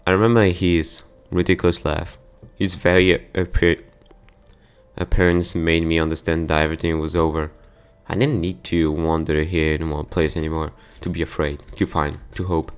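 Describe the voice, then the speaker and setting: A man's voice: low-pitched, flat delivery, moderate pace, clear, resonant tone, faint music behind. A man reading a visual novel aloud for his gameplay channel, stumbling over words now and then. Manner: plain reading with stumbles and sudden outbursts.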